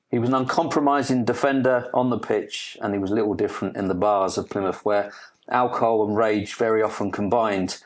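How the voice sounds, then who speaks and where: A man hosting a football interview podcast in a recording studio, chatty and thorough, restarting his questions often. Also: fairly low pitch. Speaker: podcast host.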